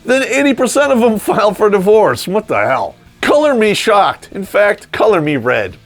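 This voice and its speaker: Male vlog host, crude sarcastic rant with laughing asides, animated pitch, music bed. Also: normal speed. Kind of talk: ranting comedic monologue.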